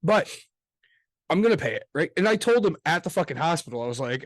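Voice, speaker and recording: A man co-hosting a casual podcast chat, swearing freely and talking with loud emphasis. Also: on the high side, expressive, fast talker, no room sound. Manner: profane, emphatic, gets loud. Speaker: podcast co-host.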